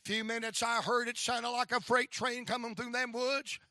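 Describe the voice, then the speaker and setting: A man preaching a folksy storytelling sermon with a North Carolina accent, rising now and then to shouts of praise. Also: extremely high pitch, little pitch movement, normal speed, no echo, studio quality.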